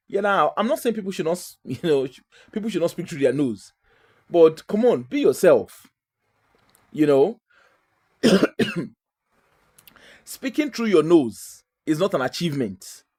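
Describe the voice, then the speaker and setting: A woman's voice: low-pitched, a little mellow. A woman from Nigeria with a Nigerian accent, talking in a chatty, emphatic and digressive way as the host of a casual monologue.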